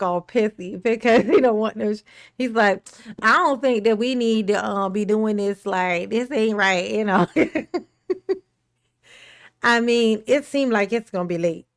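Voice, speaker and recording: A woman's voice: mid-range voice, no echo, studio quality. A woman hosting a casual livestream, chatting and laughing, greeting viewers by name. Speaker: livestream host.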